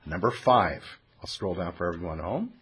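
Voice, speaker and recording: A man teaching a text study, telling the story in a lively way and reading sources aloud. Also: low voice, moderate pace, slightly rough. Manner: animated storytelling, acts out voices, reads sources aloud.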